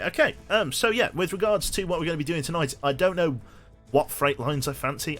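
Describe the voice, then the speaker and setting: A man's voice: medium pitch, fairly bright tone. A young man chatting casually while streaming a game, rambling and swearing with lots of restarts. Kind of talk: casual live-stream chat.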